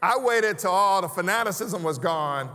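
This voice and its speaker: A man's voice: sits high, animated, moderate pace, bright, forceful tone. A man preaching a sermon as pastor, conversational with humorous asides and rhetorical questions, in a church sanctuary. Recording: long reverb of a large church hall.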